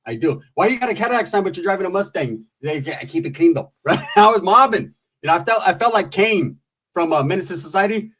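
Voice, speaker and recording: Casting: man, slightly raised pitch, husky tone, profane rambling storyteller. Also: expressive, fast talker, fairly bright tone. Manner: rambling, profane, with frequent asides and laughs.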